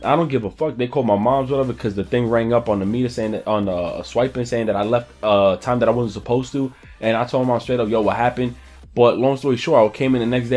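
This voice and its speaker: A young man telling a personal story in a casual, animated, profane and slangy way. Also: mid-range voice. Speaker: vlogger.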